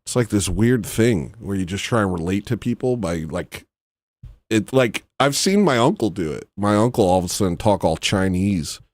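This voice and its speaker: A man's voice: fairly low pitch, lively intonation, normal speed, a little mellow, dry recording. A man hosting a livestream, rambling and joking in a self-mocking, comedic rant. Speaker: livestream host.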